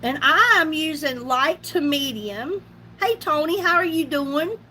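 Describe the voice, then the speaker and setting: A woman's voice: sits high, animated, a little slow, pushed and bright, slight background noise. A middle-aged woman chatting casually on a makeup livestream, laughing often and greeting viewers by name. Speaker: beauty livestream host. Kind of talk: casual makeup live chat.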